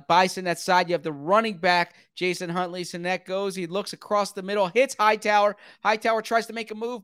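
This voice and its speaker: A man calling football play-by-play in a brisk, running commentary style that climbs quickly when big plays happen. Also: high-pitched, clean tone, no room sound, studio quality. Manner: brisk, rising sharply with excitement at big plays. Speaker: play-by-play announcer.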